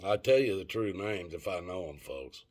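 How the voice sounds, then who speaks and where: A man's voice: deep voice, animated, normal speed, darkish tone. A middle-aged man telling a story and ranting to his viewers in a rambling, profane, casual way. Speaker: vlogger.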